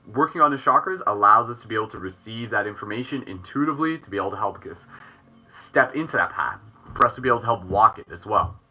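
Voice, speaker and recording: Bright-voiced man guiding a meditation. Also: fairly low pitch, animated, quick pace. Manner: gentle, jokey, with dad-joke asides. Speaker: meditation guide. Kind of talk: guided chakra meditation.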